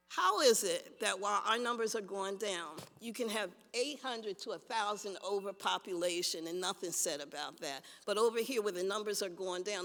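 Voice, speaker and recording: A woman's voice: mid-range voice, a bit bright. Impassioned older woman testifying in a hall. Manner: impassioned, repeats herself. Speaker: public commenter. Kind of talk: public testimony at a council hearing. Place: council chamber. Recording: long hall reverb.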